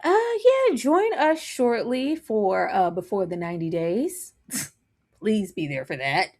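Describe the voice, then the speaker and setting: A woman co-hosting a casual live TV recap, animated and laughing often as she acts out her reactions. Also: medium pitch, a little slow. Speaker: co-host.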